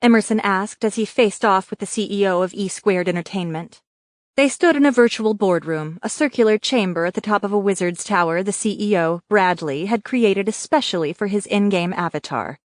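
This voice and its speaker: A woman narrates a fantasy audiobook at an even, measured pace. Her voice sits at a middle pitch. The recording is close and dry, with no room sound. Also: dry recording. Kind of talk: scripted narration.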